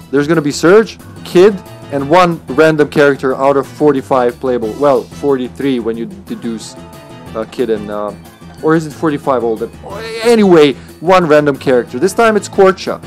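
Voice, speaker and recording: A man streaming a video game live, chatting casually and laughing often, swearing now and then. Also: fairly high pitch.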